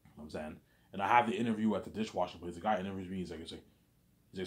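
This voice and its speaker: A young man with a very low voice rambles through a casual story, circling back with the same filler phrases. His delivery is loose and unhurried. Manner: rambling, repeats "you know what I'm saying".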